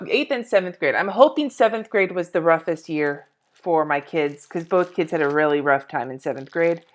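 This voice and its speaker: Woman in her forties with a slightly low voice, a chatty and scattered live-stream host who thinks out loud and swears offhand. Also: moderate pace. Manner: chatty and scattered, talks to herself, swears casually. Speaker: planner vlogger. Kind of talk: live-stream chat while decorating a planner.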